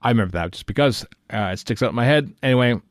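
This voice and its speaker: A man's voice: medium pitch, fast talker, no room sound, studio quality. A man co-hosting a fan podcast, chatting casually and rambling with lots of fillers and restarts. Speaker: podcast co-host. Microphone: studio podcast mic.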